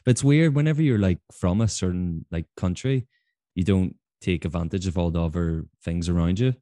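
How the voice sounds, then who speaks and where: Northern Irish host with a deep, mellow voice. Chatty, with a dry sound. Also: male voice, moderate pace, dry recording. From Northern Ireland. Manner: chatty, laughs easily, many fillers. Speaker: podcast host. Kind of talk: casual interview chat.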